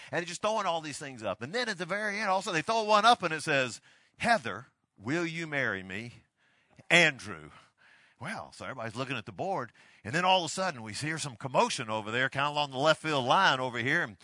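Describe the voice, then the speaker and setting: A man who is a pastor giving a teaching talk, telling a story with animated, excited energy. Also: medium pitch, dry recording.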